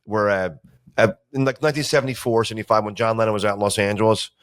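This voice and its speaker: A man's voice: fairly low pitch, steady tone, fast. A man co-hosting a comedy podcast, chatting loosely and rambling between thoughts. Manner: rambling, trailing off mid-thought. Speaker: podcast co-host. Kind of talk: casual comedic chat.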